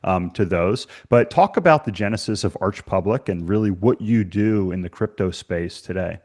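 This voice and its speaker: Speaking at a moderate pace in a low, slightly mellow voice, a podcast host chats through a casual interview. He tells stories conversationally and leans on lots of "you know" fillers.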